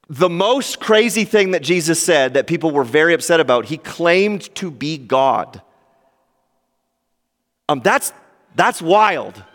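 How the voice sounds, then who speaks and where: A man preaching a sermon in a conversational way, acting out the people he quotes. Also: long reverb tail. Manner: conversational, acts out quoted voices with lively pitch swings.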